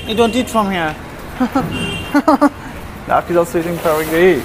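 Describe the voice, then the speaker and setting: A man's voice: high-pitched, lively intonation, takes it slowly. A man vlogging as he feeds stray dogs outside, coaxing them with affectionate baby talk and frequent laughs. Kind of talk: casual vlog talk to dogs. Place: outdoors, terrace and stairs in a city. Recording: noisy outdoor street recording.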